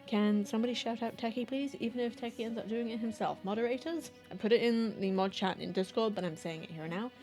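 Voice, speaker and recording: A woman's voice: on the high side, quick pace, few pauses, a little mellow, faint music behind. A woman chatting casually to her live stream audience, rambling and self-deprecating, laughing often.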